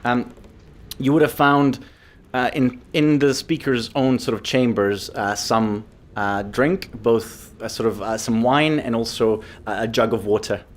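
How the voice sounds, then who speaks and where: A man's voice: medium pitch, fairly even intonation, measured pace. A man narrating as game master, hesitant with many fillers.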